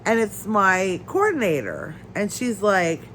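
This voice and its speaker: A woman's voice: medium pitch, big pitch swings, measured pace, fairly bright tone, a little hiss or hum, poor audio. A woman chatting casually at home, going off on a rambling rant, stuffy-nosed and coughing. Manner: rambling, ranting storyteller. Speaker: crafting channel host. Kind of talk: casual chat while crafting. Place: her home.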